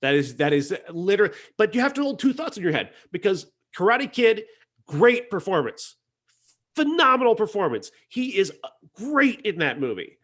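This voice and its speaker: A man's voice: high-pitched, sing-song, moderate pace, a bit bright. A man reviews a film on a podcast in an earnest, conversational way. He often stops and restarts his sentences while he works through his thoughts. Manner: earnest, hesitant with many restarts.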